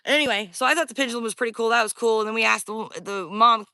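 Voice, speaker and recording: A woman's voice: a little high, rapid-fire, pushed and bright, clean tone, dry recording, clean studio sound. Chatty woman telling a spooky story. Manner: chatty, rambling, addresses viewers directly. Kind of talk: casual first-person storytelling.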